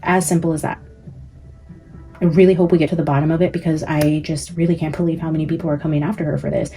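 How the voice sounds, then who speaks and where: A woman with a low, mellow voice vents straight to her viewers, swearing freely and scattering "like" and "guys" through every sentence. She talks like a psychic vlogger airing frustrations, with faint music underneath. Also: flat delivery, rapid-fire. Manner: profane, exasperated venting, frequent "like" and "guys". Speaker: psychic vlogger, channel host. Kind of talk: casual ranting commentary to viewers.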